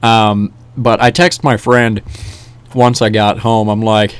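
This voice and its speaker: A young man telling a casual story in a rambling, animated way, with many restarts and fillers. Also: lowish voice, takes it slowly, clean tone, no room sound. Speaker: vlogger. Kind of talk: casual storytelling over gameplay.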